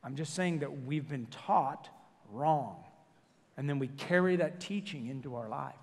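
A man preaching as senior pastor, his voice sitting a bit high. He jokes and tells stories, catching and restarting his words as he goes. The sound carries a long reverb from a church sanctuary. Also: moderate pace. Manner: jokey, animated storytelling with self-corrections. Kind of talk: sermon.

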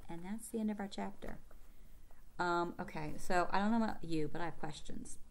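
A woman's voice: lowish voice, moderate pace, gravelly, slight background noise. A woman reading a children's novel aloud with commentary, asking her young listeners questions like a teacher.

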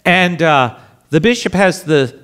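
A man, a priest, telling a lively story to an audience and acting out the other voices, now and then shouting. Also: fairly high pitch, unhurried, smooth. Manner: animated storyteller, acts out voices, shouts bids. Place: resort event hall.

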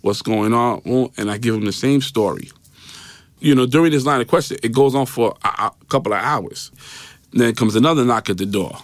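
Brisk and medium-pitched, a New York-accented man sits as a guest in a podcast studio and relates a personal story during an interview. His telling is loose and repetitive, with acted-out voices and a recurring "right?". The studio mic captures no room sound.

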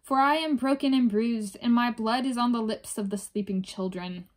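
A woman's voice: fairly high pitch, normal speed, lightly acted. Broken talking cake, voiced by a woman. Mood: refusing.

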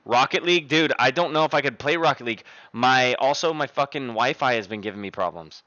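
Profane young man streaming, crisp dry voice. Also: medium pitch, pushed and bright, dry recording, lo-fi sound. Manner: profane, rambling, thanks viewers rapidly by name. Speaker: live streamer. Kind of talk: casual live-stream chat. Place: home streaming desk. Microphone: desk microphone.

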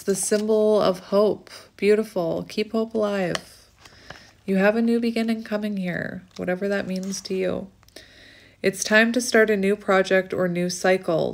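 A woman doing a casual oracle card reading, gushing softly over cards and reading their text aloud. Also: mid-range voice, slight background noise. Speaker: tarot reader.

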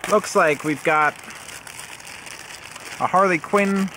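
Young male vlogger, casual unboxing chat, rambling and jokey, slightly high pitch. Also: slow pace, background noise. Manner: rambling, jokey, self-correcting.

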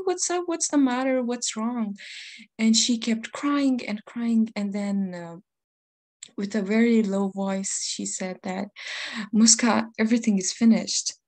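A woman's voice: a little high, darkish tone. A young woman from Afghanistan, giving an earnest, impassioned personal testimony over a video call. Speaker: youth community founder. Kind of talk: personal testimony at an online panel.

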